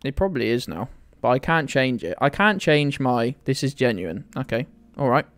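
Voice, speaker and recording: A man's voice: mid-range voice, lively intonation, moderate pace, no echo, studio quality. A young British man streaming a game live, teasing his chat with playful indignation and mock outrage. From United Kingdom.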